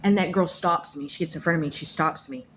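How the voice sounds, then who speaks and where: A woman's voice: sits low, quick pace, a bit bright, a little hiss or hum. A woman, earnestly telling a personal faith story in a rambling way, repeating her phrases. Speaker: vlogger sharing a faith testimony.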